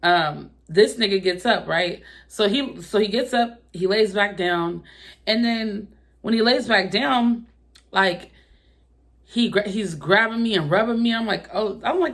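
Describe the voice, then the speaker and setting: A young woman vlogger with some vocal fry tells a personal story in loose, profane slang. She stays mid-pitched, and her voice jumps up when she acts out her own quoted reactions. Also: measured pace. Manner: animated and profane, acting out quoted lines loudly. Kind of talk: casual storytime monologue.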